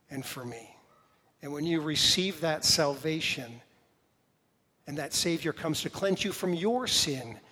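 A man delivers a sermon in a church sanctuary, with a voice that sits a little high for a man. He talks conversationally, throws out rhetorical questions and slows down on key words for emphasis. The room adds a long, echoing reverb. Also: pushed and bright. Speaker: pastor.

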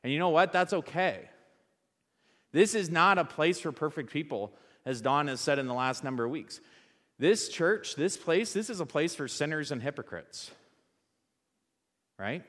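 A man's voice: on the high side, normal speed, long pauses. Conversational man preaching in an echoing church. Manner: conversational, animated, asks the audience rhetorical questions. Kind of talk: sermon.

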